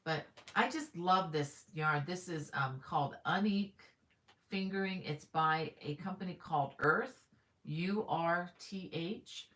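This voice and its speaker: A woman's voice: on the low side, measured pace, a bit bright. A middle-aged woman hosting a crochet live stream in casual chat. She is chatty and upbeat, greets viewers by name, and fills her talk with ums and restarts. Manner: frequent ums and self-corrections. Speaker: crochet livestream host.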